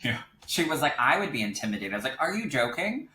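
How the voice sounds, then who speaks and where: Bright-voiced man telling a lively story. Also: mid-range voice, fast talker. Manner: animated, quotes others in lively voices, laughs easily. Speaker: psychic medium guest. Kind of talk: casual storytelling interview. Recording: echoey room with faint noise.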